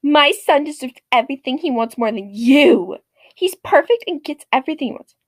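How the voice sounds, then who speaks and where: A woman playing a rude, entitled mother who talks down to others in a sharp, condescending way. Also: high-pitched, lively intonation, normal speed, no echo. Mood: haughty.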